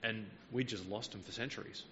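A man's voice: lowish voice, fairly quick, fairly bright tone, big-room sound, lo-fi sound, a little hiss or hum. A man preaching a Bible teaching sermon, explaining verses patiently with frequent hesitant fillers.

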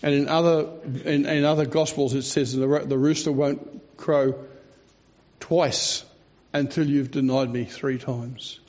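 A man preaching a sermon, telling the story expressively with dramatic slowdowns. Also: mid-range voice, fairly even intonation, a little mellow. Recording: dull lo-fi recording.

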